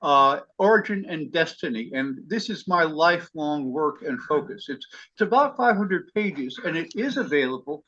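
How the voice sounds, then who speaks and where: A man hosts an online study class, his voice bright and a little higher than most men's. He sounds eager and effusive, and he slows down to spell things out. The video-call audio is muffled. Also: lively intonation. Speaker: class leader.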